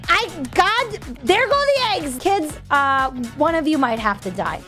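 Brash high-voiced woman streamer. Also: big pitch swings, a little slow, pushed and bright, soft background music. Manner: brash, crude, comic rants to chat. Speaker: VTuber streamer. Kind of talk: live game stream commentary.

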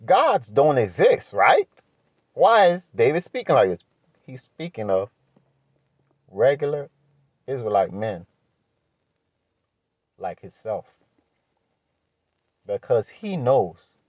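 A man teaching from the Bible in a preaching style, asking rhetorical questions and building to emphatic high-pitched points. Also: very animated, takes it slowly, pauses often, dry recording, dull audio. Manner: emphatic, rises sharply in pitch when pressing a point; asks rhetorical questions, adds "right?".

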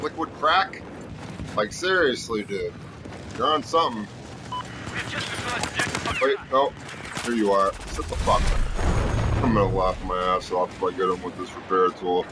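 A man's voice: fairly low pitch, unhurried, pauses often. A man hosting his own gameplay video, swearing constantly and taunting his opponent. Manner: aggressive, trash-talking, swearing constantly. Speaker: gaming video host. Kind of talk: profane gameplay commentary. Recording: noisy with game audio. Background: game sounds and vehicles.

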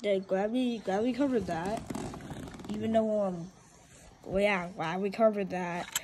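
A woman's voice: mid-range voice, a little slow, a little mellow, a little hiss or hum. A woman in playful casual banter, joking and often laughing. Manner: giggly, jokey, often laughing.

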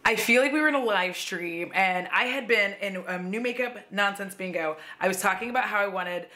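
A woman's voice: medium pitch, fairly quick, sharp tone. A woman chatting in a casual beauty haul vlog, gushing and playful with lots of asides. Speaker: beauty vlogger. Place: at home.

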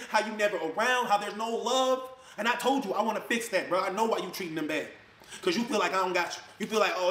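A man with a high voice tears into his critics at a rapid clip. He sounds angry and mocks the people he quotes, and his voice rings around an echoey room. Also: sharp tone, a little hiss or hum. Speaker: influencer addressing critics. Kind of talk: heated ranting video clip.

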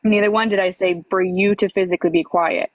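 A woman with a mid-range voice moderates a livestream chat. She lays out her complaint calmly and point by point. The sound is dry and close. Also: mid-range voice, no echo, low-quality recording. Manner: measured, explains point by point.

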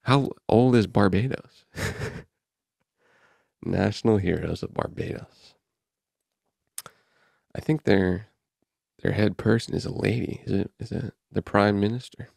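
Low gravelly man chatting on a podcast. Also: slow pace, long pauses, darkish tone, dry recording, clean studio sound. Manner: offhand, wry, reads out and riffs on headlines. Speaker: podcast host. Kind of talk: casual podcast chat, reading news aloud.

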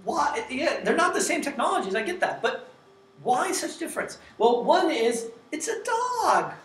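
A man giving a conference talk, lively and joking, asking the audience rhetorical questions. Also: very high-pitched, moderate pace, echoey room, far from the mic. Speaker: conference speaker.

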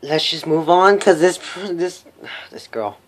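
A young man casually recapping a cartoon episode on a voice call, rambling and halting. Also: on the high side, lively intonation, very noisy. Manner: rambling, halting, full of fillers. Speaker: vlog host.

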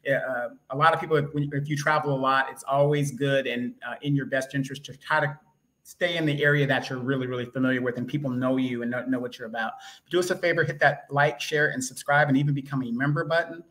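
A man co-hosting a talk show, speaking in a relaxed, rambling way and often restarting his sentences. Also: medium pitch, fast talker. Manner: relaxed, rambling, self-correcting. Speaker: co-host. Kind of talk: casual talk show chat. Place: vacation spot with motorcycles outside.

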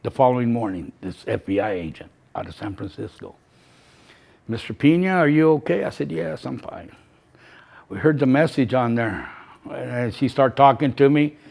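An older man in his seventies speaks to a class as a grieving father. His delivery is raw and uneven, with broken-off phrases and words repeated for weight. His voice sits in an ordinary middle pitch. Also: animated, gravelly, a little mellow, husky. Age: 70s. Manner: emotional, halting, repeats phrases. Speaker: victim's father giving testimony. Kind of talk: personal testimony to a class.

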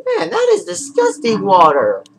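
A woman hosting a casual watch-along, rambling and giggly, often saying "so anyway," her voice cracking up into a squeaky high register. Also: huge pitch swings, a little slow, creaky, background noise. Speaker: channel host.

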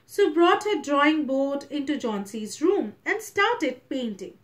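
A woman's voice: high-pitched, lively intonation, a little slow. A woman teacher with an Indian English accent, explaining a story to a class and retelling each passage in simpler words.

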